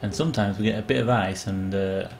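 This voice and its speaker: An English man chatting and joking while he streams a game, with sudden loud outbursts. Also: fairly low pitch, fast, vocal fry, slight background noise. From England. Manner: chatty, self-mocking, bursts into loud outbursts. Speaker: gaming streamer. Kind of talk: live gameplay commentary.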